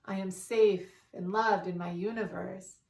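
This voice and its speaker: A woman guiding a meditation in a calm, soothing way, leading breaths and repeating affirmations. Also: mid-range voice, a little slow, gravelly. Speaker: meditation guide. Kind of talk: guided meditation. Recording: roomy, distant from the mic.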